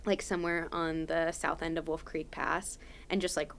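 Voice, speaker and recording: Animated woman telling a trail story. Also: low-pitched, moderate pace, a little hiss or hum. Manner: animated, frequent "like" fillers. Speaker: podcast guest. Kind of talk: casual storytelling.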